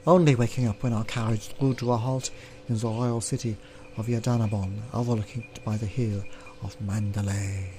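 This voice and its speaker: A man's voice: fairly low pitch, fairly even intonation, moderate pace, dark tone, slight background noise. Man reading a text game aloud. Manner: frequent throat clearing, offhand asides. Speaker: let's play host.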